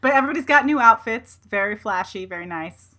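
A woman hosting a podcast in casual chat, animated and often laughing. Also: on the high side, quick pace. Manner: animated, laughing, quotes herself in voices. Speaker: podcast host.

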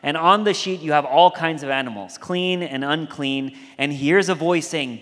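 Speaking at normal speed, a male pastor with a fairly bright, somewhat high voice preaches animatedly in a storytelling, conversational way. He performs the voices of those he quotes, and the recording has long hall reverb.

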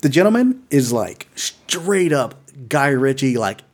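Man, 30s, podcast co-host; swings his pitch widely, rambling, swears freely. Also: sing-song, measured pace. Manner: rambling, swears a lot, laughs often. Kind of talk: casual chat.

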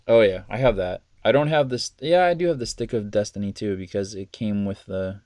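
A low-pitched man hosts a casual podcast, telling stories with lively acted-out quotes and frequent laughs. His voice is deep and the sound is dry and close, with no room around it. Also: brisk, no echo. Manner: animated storyteller, acts out quotes, laughs often, swears. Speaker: podcast host. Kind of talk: casual chat.

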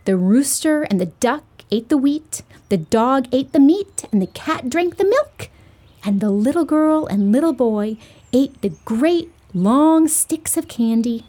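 Storytime host: woman, high lively read-aloud voice for little kids. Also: unhurried. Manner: bright, sing-song storyteller voice for small children. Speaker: storytime host reading to children.

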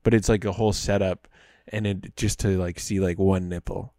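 A young man with a fairly low voice rambles through casual podcast banter, piling up filler words and crude jokes. His voice sounds close and dry, with no room around it. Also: steady tone, moderate pace, dark tone, dry recording. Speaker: podcast co-host. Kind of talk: casual comedic chat.

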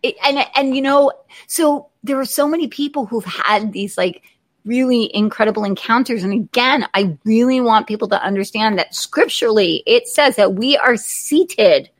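A woman's voice: on the high side, moderate pace, no echo. A woman hosting a casual interview, speaking earnestly and weaving in scripture. She often uses "like" as a filler. Her voice sounds dry and close. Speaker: interview host.

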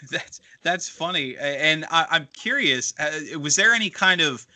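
A man's voice: a little high, animated, unhurried, bright, forceful tone. A man hosting an interview show, asking long, winding questions with many restarts. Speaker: interview host. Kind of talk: radio interview.

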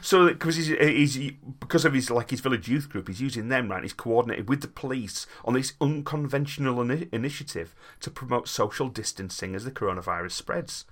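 A man's voice: mid-range voice, fairly quick, hardly any pauses. A man co-hosting a comic podcast, rambling and chatty as he reads out a news story with lots of restarts. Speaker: co-host reading out a news story. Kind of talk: joking comic banter.

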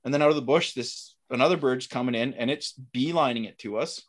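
Man, middle-aged, casual storyteller, animated, quotes the people in his story. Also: mid-range voice, brisk. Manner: animated, acts out dialogue in quotes. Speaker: guest telling a hunting story.

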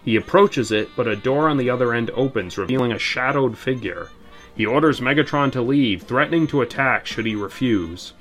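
Man, podcast host, mid-pitched voice, faint music underneath, rambling and profane. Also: fairly quick, a bit bright. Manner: rambling, profane, lots of fillers. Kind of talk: synopsis reading and casual chat.

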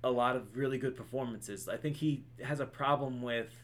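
A man co-hosting a movie podcast in casual chat, talking in an animated, rambling way with casual swearing. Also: mid-range voice, fairly quick. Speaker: podcast co-host.

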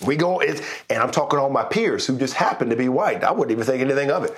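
A pastor giving an online sermon, telling a personal story in a conversational way and building to exuberant praise. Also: male voice, medium pitch, animated, fast talker. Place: church service streamed online.

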